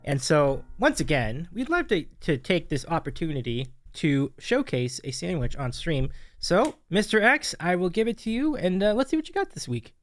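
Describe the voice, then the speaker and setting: A man's voice: on the high side, very animated, normal speed, hardly any pauses. A man hosting a casual live stream who laughs often and thanks viewers by name. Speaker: stream host.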